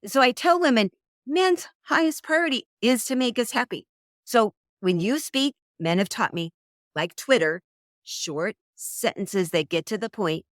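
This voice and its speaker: A middle-aged woman talking as a dating coach in an interview, an animated storyteller who acts out quoted voices. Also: fairly high pitch, a little slow, dry recording, studio quality. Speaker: dating coach, podcast guest. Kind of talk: conversational interview.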